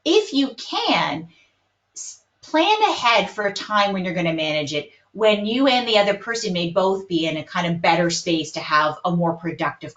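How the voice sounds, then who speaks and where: Calm explaining woman in a roomy room. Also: mid-range voice. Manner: calm, explanatory, many hedging "kind of"s. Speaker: psychologist guest. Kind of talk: webinar Q&A explanation. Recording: roomy, dull lo-fi webinar audio.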